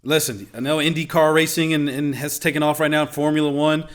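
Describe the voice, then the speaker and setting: A man's voice: fairly high pitch, level tone, a little fast. A man co-hosting a sports show, teasing and pushing his partner along in casual banter. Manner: playful, pushy teasing.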